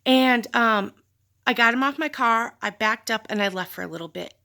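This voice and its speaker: Gravelly, bright-voiced woman telling her story. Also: on the high side, normal speed. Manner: candid, reflective, with sighs and fillers. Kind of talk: personal storytelling.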